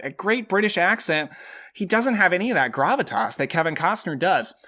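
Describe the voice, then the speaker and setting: A man's voice: on the high side, fairly bright tone. A man hosting a movie countdown, speaking in an enthusiastic, emphatic way. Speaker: movie reviewer. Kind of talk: opinionated countdown review.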